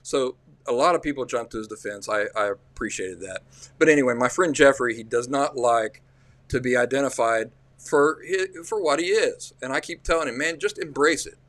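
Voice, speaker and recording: A man's voice: mid-range voice, normal speed, fairly bright tone, no room sound. A man with an Appalachian accent, hosting a livestream and telling rambling, folksy stories in a casual way. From central Appalachia. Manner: rambling, folksy, restarts often. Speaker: livestream host.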